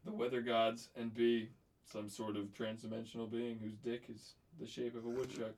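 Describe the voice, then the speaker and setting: A man co-hosting a podcast, riffing with deadpan, crude, absurd humor in casual banter. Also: mid-range voice, moderate pace. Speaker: podcast co-host.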